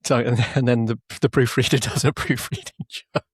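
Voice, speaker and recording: A man's voice: mid-range voice, steady tone, moderate pace, slightly rough, dry recording, clean studio sound. Chatty self-mocking man on a podcast. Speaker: comedy podcast co-host. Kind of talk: casual chat.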